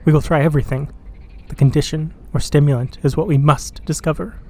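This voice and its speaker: A man's voice: a little high, fairly even intonation, fairly quick, mellow, low-quality recording. A man playing an obsessed, hot-tempered older professor who talks down with scorn. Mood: determined. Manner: scornful, driven.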